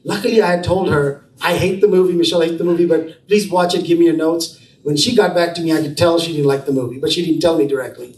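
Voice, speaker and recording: Man telling a lively story in an echoey room. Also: on the high side, fast, recorded from a distance, a little hiss or hum. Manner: animated storytelling, acting out quotes. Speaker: film producer. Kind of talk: storytelling talk at an event. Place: event space.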